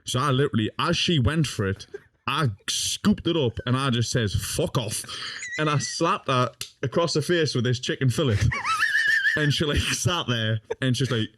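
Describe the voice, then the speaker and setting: A man's voice: mid-range voice, wildly swooping pitch, normal speed, noisy background. A young man, a podcast guest, telling a funny story in casual talk, swearing often and laughing as he goes. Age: young adult.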